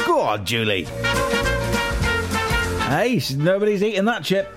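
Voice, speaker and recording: A man's voice: on the low side, sing-song, moderate pace. A man hosting a radio podcast, chatting casually and reading out listener messages with frequent fillers. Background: music bed.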